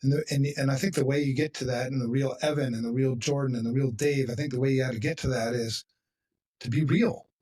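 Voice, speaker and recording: A man's voice: mid-range voice, fairly even intonation, quick pace, darkish tone, husky, far from the mic. A man hosting a podcast in casual chat, talking bluntly and with emphasis, swearing freely. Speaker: podcast host.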